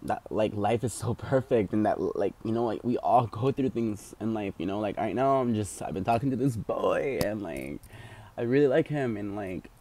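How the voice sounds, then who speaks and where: A man's voice: on the low side, expressive, normal speed, dark tone, a little hiss or hum. A man in his twenties talks to his viewers in a rambling, emotional vlog rant, full of fillers and tearful at times. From United States. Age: 20s. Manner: rambling, heavy with fillers like "like" and "you know". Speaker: vlogger.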